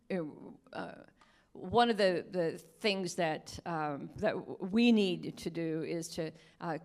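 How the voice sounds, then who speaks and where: A woman journalist speaking on a panel, halting with many fillers and restarts, earnestly pleading. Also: deep voice, creaky. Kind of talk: panel discussion.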